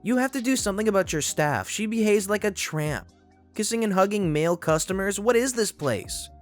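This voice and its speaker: A man's voice: high voice, expressive, brisk, soft background music, voice pushed up. A man voicing an insulting, scolding woman shopper in a storytime narration. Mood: indignant. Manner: scolding, contemptuous. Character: rude shrill woman shopper, insulting and loud.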